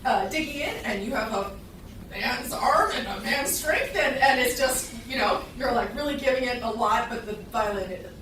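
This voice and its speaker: In a concert hall with an audience, a woman leads a violin master class, chatting encouragingly and singing phrases to demonstrate them. Her slightly high voice is animated and fairly bright at a normal speed. The mic sits far away in the echoey hall, with slight background noise and violin playing.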